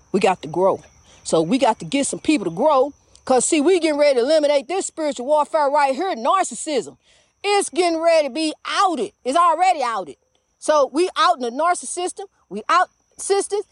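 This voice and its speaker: High-voiced older woman minister preaching. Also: no echo, clean studio sound. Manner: fervent, repetitive, calls listeners honey. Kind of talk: inspirational preaching monologue.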